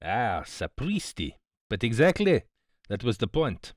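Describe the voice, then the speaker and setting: A man's voice: medium pitch, very animated, unhurried, no echo, clean studio sound. A man voicing a fussy, smug older detective, politely reproving, in an audiobook. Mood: smug, precise. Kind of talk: audiobook character voice.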